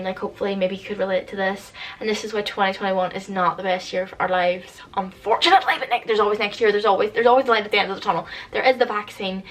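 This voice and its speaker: Heard through a distant mic on a low-quality recording, a late-teen British vlogger with a mid-range, slightly bright voice vents at home to her camera. She rambles in exasperation, her speech heavy with "like."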